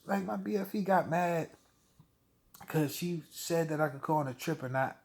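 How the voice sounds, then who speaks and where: Higher-pitched man ranting bluntly. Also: normal speed, gravelly, darkish tone. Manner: blunt, heated, swearing, with short laughs. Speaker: vlogger. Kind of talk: profane personal rant to camera.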